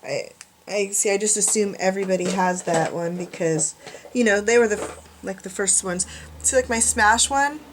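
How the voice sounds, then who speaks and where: A woman's voice: medium pitch, normal speed, background noise. A middle-aged woman vlogging in a casual, chatty, rambling way and poking fun at herself. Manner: chatty, rambling, self-deprecating. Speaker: craft vlogger. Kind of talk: casual chat.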